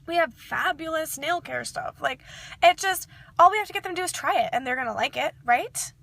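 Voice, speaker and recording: Woman, high pitch, gravelly edge, chatty sales-consultant advice. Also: animated, fairly quick, fairly bright tone, dry recording. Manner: chatty, upbeat, lots of fillers. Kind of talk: casual advice vlog.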